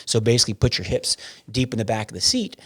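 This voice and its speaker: A man's voice: mid-range voice, sing-song, fast talker, slightly rough, no room sound, clean studio sound. Blunt, rambling man as a podcast guest. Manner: blunt, swears, many restarts. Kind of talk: casual interview.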